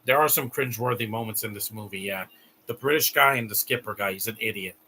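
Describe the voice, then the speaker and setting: A man talks through a live stream in a casual, off-the-cuff way. His voice is bright and a little sharp. He is blunt and grumbling, and he often stumbles into restarts. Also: on the low side, quick pace, slight background noise.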